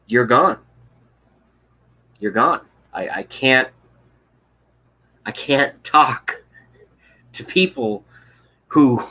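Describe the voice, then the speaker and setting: On a livestream with poor audio, a man with a mid-range voice and sharp tone delivers an angry, profane political rant full of contempt.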